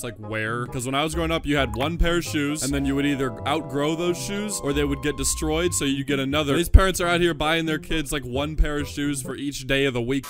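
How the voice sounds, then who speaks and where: A young man giving casual, sarcastic reaction commentary as a YouTube host, rambling with lots of filler words. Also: medium pitch.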